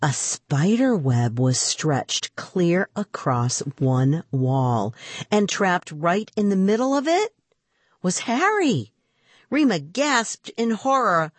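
A woman reads a children's story aloud at a slow, careful pace. Her pitch swings widely, and her voice is soft and breathy. The recording is close and dry. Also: no room sound. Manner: expressive, unhurried read-aloud.

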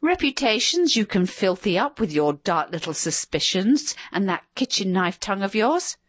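A woman's voice: medium pitch, sing-song, moderate pace, slightly rough, dry recording. A woman voicing a bitter, scornful husband in a spoken story, sneering and sarcastic.

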